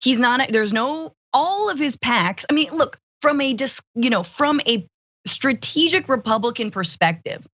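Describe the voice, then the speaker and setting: A woman filling in as host of a political talk show, chatting casually with quick, sarcastic asides. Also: sits high, animated, fairly bright tone, breathy edge, no room sound, lo-fi sound. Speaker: fill-in host.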